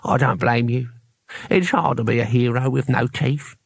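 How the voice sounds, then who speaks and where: A man reading aloud, voicing a toothless old male barbarian hero who grumbles in a gravelly, gummy voice. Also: mid-range voice, moderate pace, no room sound. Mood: rueful. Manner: mutters, grumbling.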